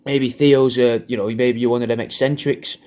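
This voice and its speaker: Male comic, crude rambling birthday shout-out, average pitch. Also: steady tone, moderate pace. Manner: rambling, crude, jokey, repeats himself. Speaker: comedian recording a personalised video message.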